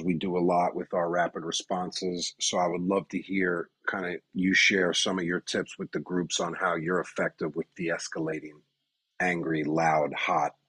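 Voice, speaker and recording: Deep husky male host. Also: a bit bright, dry recording, low-quality recording. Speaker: podcast host. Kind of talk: interview question.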